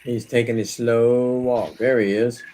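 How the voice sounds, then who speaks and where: A man's voice: mid-range voice, fairly even intonation, measured pace, over a noisy crowd. A man on a live stream panel, cracking dry folksy jokes. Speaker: panel guest. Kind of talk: casual chat.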